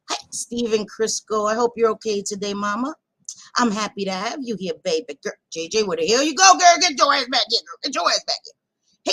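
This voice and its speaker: A woman's voice: a little high, lively intonation, brisk, a bit bright, no room sound. A woman hosting a casual livestream, hyper and profane, greeting viewers with pet names. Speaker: livestream host.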